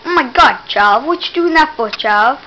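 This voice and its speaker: A woman giving casual gameplay commentary, excitable and teasing, exclaiming again and again and mock-scolding the player. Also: high voice, normal speed, low-quality recording.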